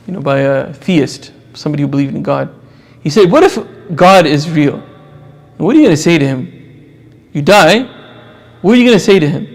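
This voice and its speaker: A young man giving a religious lecture to an audience, preaching emphatically with sudden quiet asides and shifting pace. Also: a little high. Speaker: Islamic lecturer.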